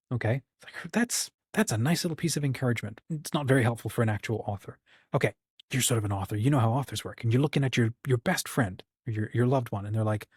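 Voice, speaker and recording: Husky-voiced man giving rambling encouragement. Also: mid-range voice, quick pace, darkish tone, dry recording, studio quality. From United States. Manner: rambling, encouraging, acts out quoted dialogue. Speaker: channel host. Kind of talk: casual livestream talk.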